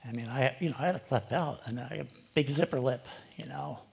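An older man, a lay preacher, gives a rambling, conversational personal testimony to a live audience, leaning heavily on "you know." His mid-range voice is quick, gravelly, and a little mellow.

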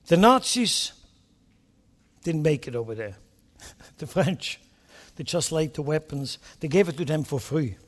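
A male preacher giving an impassioned sermon, speaking straight to the congregation with rhetorical questions and sudden loud emphatic bursts. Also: fairly high pitch, expressive, measured pace, long pauses, big-room sound. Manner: impassioned, swinging between quiet asides and loud emphatic bursts.

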